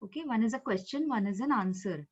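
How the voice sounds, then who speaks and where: A woman's voice: on the high side, animated, fast talker, slightly rough. Woman teaching an online language class. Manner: patient, explains step by step, mixes in Hindi. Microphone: video call. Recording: dull lo-fi video call audio.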